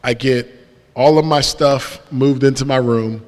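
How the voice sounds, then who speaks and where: A young man giving a storytelling testimony as a guest speaker in a church, lively and self-mocking, acting out dialogue. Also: medium pitch, measured pace. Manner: lively storyteller who acts out dialogue and laughs at himself. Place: church sanctuary. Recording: long church-hall reverb.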